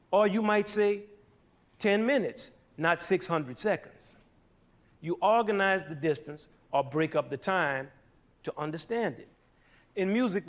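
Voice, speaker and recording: A man teaching a lesson on rhythm, asking his listeners questions and drawing out their answers. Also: a little high. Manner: animated, asks the audience questions. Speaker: music teacher.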